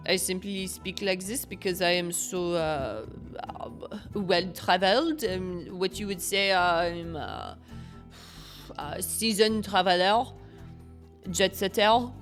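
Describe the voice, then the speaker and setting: A woman voicing a pompous, well-traveled jet-setter who puts on French airs and speaks in a haughty, halting way, dropping in French phrases. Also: on the low side, lively intonation, soft background music. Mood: snooty.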